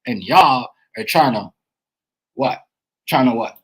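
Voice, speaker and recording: Husky-voiced man livestreaming to chat. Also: medium pitch, slow, rough recording. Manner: animated, repetitive, streetwise slang, addresses chat directly. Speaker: livestream host. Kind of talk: casual livestream talk to chat.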